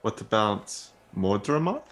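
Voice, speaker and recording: Bewildered man with lively pitch. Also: unhurried. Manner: bewildered, questioning. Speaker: player. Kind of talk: in-character tabletop play.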